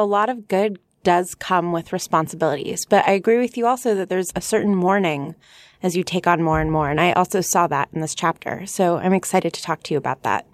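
Lively woman co-hosting a book podcast. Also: lowish voice, no room sound. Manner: animated, laughs often. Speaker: podcast co-host. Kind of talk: casual book discussion.

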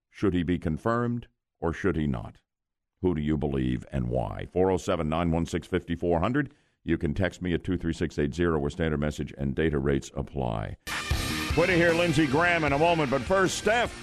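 A man hosting a talk radio show, emphatic and opinionated, taking calls in a studio. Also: deep voice. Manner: emphatic, takes caller questions.

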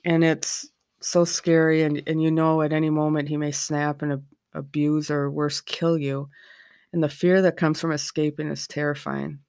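A woman's voice: deep voice, level tone, normal speed, darkish tone, smooth, dry recording, clean studio sound. A middle-aged woman hosting a podcast, talking frankly and candidly from her own experience. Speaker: podcast host. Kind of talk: candid personal podcast talk.

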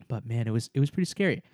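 Co-hosting a laid-back podcast, this man spins a story full of profanity and performed character voices, animated throughout. His voice sits at a medium pitch, and there's a little hiss or hum on the recording.

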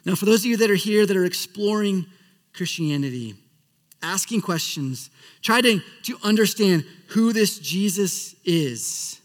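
A man preaching a sermon as a pastor, earnest, often dropping to a soft hush at the ends of phrases. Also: high voice, lively intonation, unhurried, big-room sound.

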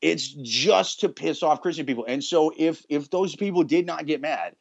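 A young man with a somewhat high voice talks in a blunt, mocking way, swearing freely through a casual podcast chat. The sound is dull and dry, with little room around it. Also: moderate pace, gravelly, slightly rough, no echo. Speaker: podcast co-host.

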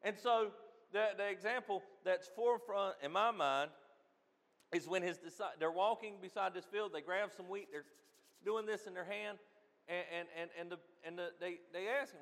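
A pastor preaching with a high voice, swinging between loud, emphatic declarations and quiet asides. His sermon rings with the long reverb of a large hall. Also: normal speed.

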